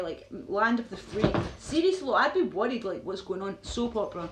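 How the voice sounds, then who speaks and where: In a casual live stream, a Glaswegian woman chats with viewers and answers their questions, wandering off-topic, leaning on fillers and laughing a lot. Her voice is medium in pitch and expressive, at a normal speed with few pauses. Faint noise and a roomy echo color the recording.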